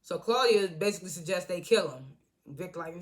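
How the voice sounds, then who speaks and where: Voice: mid-range voice, expressive, normal speed. A TV reviewer giving a loose, slangy recap of an episode, acting out the characters' lines and laughing often.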